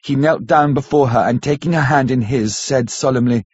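Husky guy narrating an old novel, measured and dramatic, dull lo-fi sound. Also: mid-range voice, darkish tone, no room sound. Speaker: audiobook narrator. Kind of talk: scripted narration of a classic novel. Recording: dull lo-fi audiobook recording.

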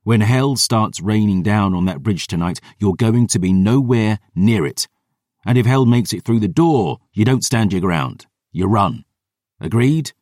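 A man's voice: fairly low pitch, lively intonation, measured pace, a little mellow, no room sound, studio quality, voice pushed up. A man voicing a weary, hard-drinking veteran warrior who talks bluntly and swears. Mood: stern. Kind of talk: audiobook character voice.

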